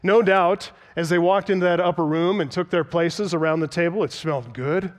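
A man preaching an expository sermon, teaching earnestly and repeating words for emphasis, slowing down to stress key phrases. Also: high voice.

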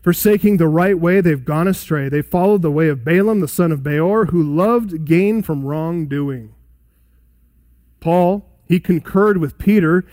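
A man with a fairly high voice preaches an expository sermon. He is emphatic, then sinks into hushed, solemn asides. The sound is dry and close to the mic. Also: a little slow, no echo. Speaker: pastor.

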